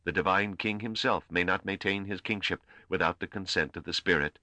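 A man voicing a stately priest who solemnly strips a commander of his command in the name of a higher spirit, in an audiobook. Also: brisk, bright, forceful tone, dry recording. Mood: denouncing. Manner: grave, intoning, commanding.

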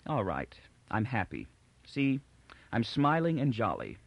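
A man voicing an anxious, weary young woman, lifting his voice higher and answering in a tired, evasive way. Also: wildly swooping pitch, a little slow, vocal fry, dry recording, full character voice. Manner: raised pitch, tired and evasive.

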